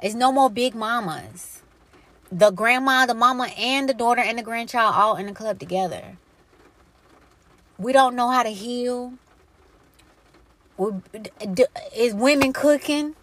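A woman's voice: on the high side, unhurried, pauses often, fairly bright tone, no echo. A woman hosting her own podcast, talking in a blunt, profane, preachy way and firing off emphatic rhetorical questions. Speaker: podcast host. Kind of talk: impassioned solo podcast monologue.

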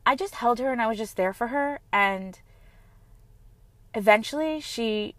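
A woman in her thirties, a mother, talking earnestly and gently about her own experience in a heartfelt personal monologue. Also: a little high, animated, unhurried, dry recording. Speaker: mother sharing personal reflections.

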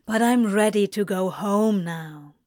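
A woman playing a wry, low-key male demon. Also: slow pace, a little mellow, no room sound, studio quality, lightly acted.

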